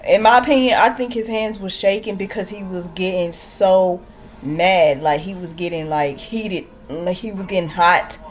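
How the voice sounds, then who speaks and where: A woman's voice: fairly low pitch, moderate pace, slight background noise. A woman watching along and explaining her opinion in casual conversation. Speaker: co-viewer. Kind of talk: casual chat.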